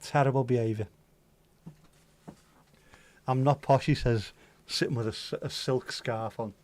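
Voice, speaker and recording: A man's voice: medium pitch, steady tone, a little slow, a little mellow. A man hosting a livestream in casual chat, reading viewer comments in a jokey, sweary, self-mocking way. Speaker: livestream host.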